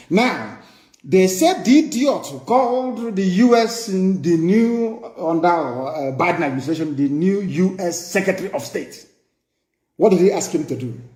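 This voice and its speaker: A man's voice: sits high, mellow. Impassioned Nigerian man, echoey room. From southeastern Nigeria. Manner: impassioned, scornful, repeats phrases for emphasis. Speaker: broadcaster addressing followers. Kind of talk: live political broadcast.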